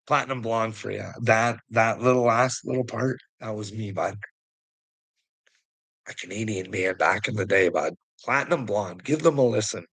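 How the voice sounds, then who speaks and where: Casting note: husky, gravelly-voiced man, casual rambling commentator, laughs through his lines, salty language. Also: fairly low pitch, normal speed, a bit bright, low-quality recording. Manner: chuckles often, swears, rambling. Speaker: online commentator.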